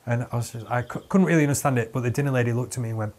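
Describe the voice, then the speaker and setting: A man's voice: medium pitch, fairly even intonation, very fast, hardly any pauses, darkish tone. A young man hosting a podcast, rambling and joking with lots of fillers and restarts. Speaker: podcast host. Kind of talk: casual podcast chat.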